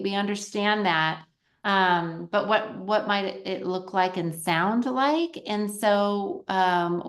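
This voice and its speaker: A woman co-presenting a teacher training workshop in a conversational, encouraging way. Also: medium pitch.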